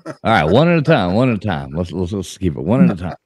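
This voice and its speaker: A joking, loose-mouthed male host with a low voice that swings widely in pitch as he moderates callers. The sound is dry and close. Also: very animated, quick pace, darkish tone, husky, no echo. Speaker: live show host. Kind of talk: casual chat.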